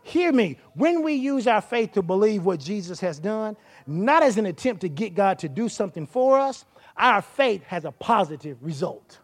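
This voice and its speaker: A woman preaching a sermon with folksy, vernacular phrasing, building up to shouts. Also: medium pitch, moderate pace, few pauses. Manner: animated, rising to shouts.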